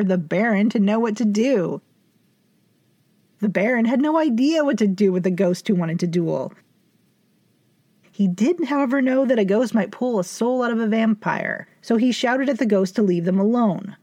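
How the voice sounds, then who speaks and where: A woman's voice: medium pitch, darkish tone, no echo. A woman narrating a story in first person as a vampire hotel owner, with dry, wry asides to the listener. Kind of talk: scripted fiction narration.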